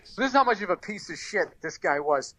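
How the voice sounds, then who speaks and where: A man with a somewhat high voice co-hosts a podcast. He spins an energetic anecdote and swears freely as he goes. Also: quick pace. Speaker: podcast host. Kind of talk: casual storytelling. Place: podcast studio.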